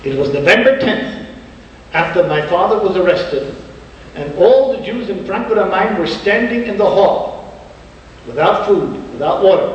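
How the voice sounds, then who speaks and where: A rabbi telling stories in a sermon, earnest, slowing down with dramatic pauses. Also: male voice, high-pitched, a little hiss or hum. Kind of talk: emotional storytelling sermon. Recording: distant, dull echoey hall.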